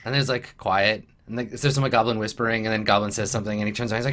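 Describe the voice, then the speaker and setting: A man's voice: lowish voice, steady tone, rapid-fire, a bit bright. A man narrating as game master of a tabletop game, rambling with many fillers. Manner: rambling, full of fillers and laughs.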